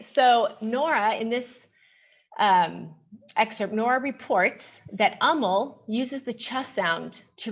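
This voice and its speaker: A woman researcher giving an academic paper presentation at a conference. She speaks in a measured, explanatory way and often opens her points with "okay". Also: medium pitch, muffled recording.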